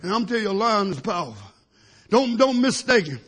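Husky high-voiced man preaching hard. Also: very animated, a little fast. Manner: swings between shouted peaks and low asides, peppered with hallelujahs. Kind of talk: fiery sermon.

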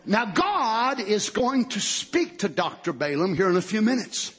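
A man preaching a fervent sermon, shouting and then dropping low. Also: big pitch swings, measured pace, breathy edge. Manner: fervent shouting, swinging from loud to soft.

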